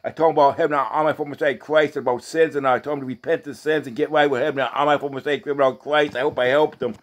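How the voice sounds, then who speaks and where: Halting man reading scripture aloud. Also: fairly high pitch, steady tone. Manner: halting, repeats words and restarts often; casual and rambling when talking off the text, often asks "you know?". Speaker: lay preacher. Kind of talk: reading scripture aloud, then informal testimony.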